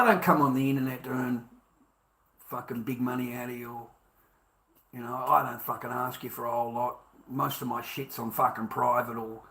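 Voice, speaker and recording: A man's voice: fairly high pitch, bright, forceful tone. A man with an Australian accent, ranting to his viewers with heavy swearing. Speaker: vlogger. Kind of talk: angry monologue to camera.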